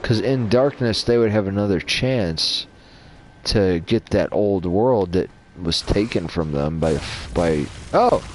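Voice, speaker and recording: A man with a very low, deep voice gives loose, rambling lore commentary over gameplay. He swears constantly and talks in a relaxed, off-the-cuff way. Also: slow pace, a little hiss or hum. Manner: casual, rambling, heavy swearing. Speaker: gaming channel host.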